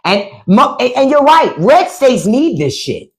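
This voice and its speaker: Hosting a casual politics livestream, this middle-aged woman is animated, her pitch bouncing up and down at an unhurried pace. Her delivery is blunt and full of swearing, and she keeps imitating the figures she discusses in a mocking tone.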